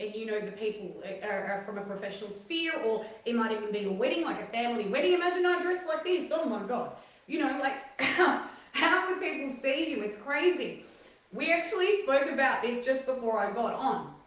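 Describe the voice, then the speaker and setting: A woman's voice: on the high side, lively intonation, fairly quick. A woman hosting a casual talk show, rambling with many fillers. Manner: rambling, filler-heavy, chatty. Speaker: host. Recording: very echoey room, mic far off.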